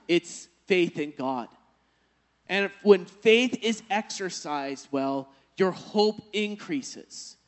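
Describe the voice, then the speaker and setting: A man's voice: high-pitched, expressive, slow pace. A male pastor preaching a sermon, telling a personal story and then building to emphatic exhortation.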